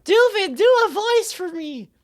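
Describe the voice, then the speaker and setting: A man putting on a very high, squeaky voice to read a viewer's chat messages. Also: animated, unhurried. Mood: silly. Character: squeaky childlike chatter.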